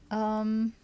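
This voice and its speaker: A young woman streaming a game, talking at an unhurried, drawn-out pace. She chats casually, musing aloud and answering her chat between moves. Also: medium pitch, mellow, clear, resonant tone. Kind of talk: casual live-stream chat while playing.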